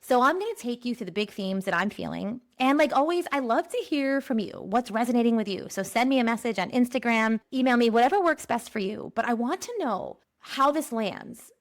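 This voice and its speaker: A woman from Pennsylvania hosting a podcast, giving a spiritual monthly energy forecast in a playful monologue, laughing often and drawing out key phrases slowly. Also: a little high, expressive. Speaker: podcast host.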